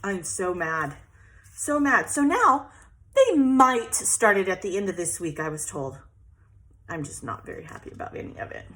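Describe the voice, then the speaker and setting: A woman's voice: mid-range voice, sing-song, normal speed, a bit bright. A middle-aged woman chatting casually while she scrapbooks, venting and laughing often. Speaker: scrapbooking vlogger. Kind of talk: casual chat while crafting.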